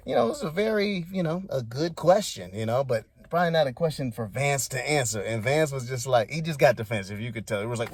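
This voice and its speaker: A man's voice: medium pitch, expressive, a little fast. A man giving rambling, laid-back, slangy commentary as a vlogger. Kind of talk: casual commentary.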